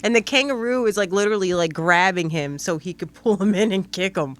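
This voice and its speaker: A woman co-hosting a podcast in casual chat, giggly and quick to exclaim. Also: mid-range voice. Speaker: podcast co-host.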